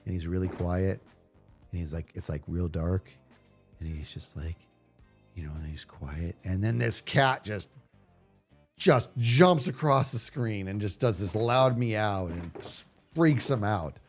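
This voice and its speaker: A man streaming a video game live, chatting casually with viewers and yelling playfully at the enemies on screen. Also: low voice, unhurried, soft background music. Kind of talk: casual live gameplay commentary.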